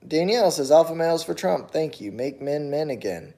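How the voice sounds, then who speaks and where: A man's voice: fairly high pitch, expressive, a little fast, mellow. A man hosting a casual livestream, reading viewer comments aloud and answering them offhand, with chuckles, and turning argumentative when challenged. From United States.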